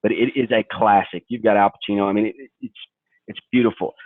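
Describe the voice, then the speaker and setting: A man's voice: fairly low pitch, expressive, quick pace, dry recording. A man from Kentucky presenting a sales training webinar in an emphatic, direct coaching tone. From Kentucky, USA. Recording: tinny phone-like webinar audio, dry.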